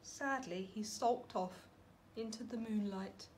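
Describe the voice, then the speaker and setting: Slow, expressive storyteller woman. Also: medium pitch. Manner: gentle, expressive storytelling with dramatic pauses. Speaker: family centre worker reading to children. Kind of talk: children's storybook read-aloud.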